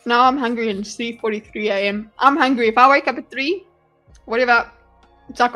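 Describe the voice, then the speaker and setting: South African woman, fairly high voice, casual home streamer with faint music behind. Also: fairly quick. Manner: chatty, animated, swears and laughs often. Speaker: streamer reading chat. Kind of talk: casual live-stream commentary. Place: her home.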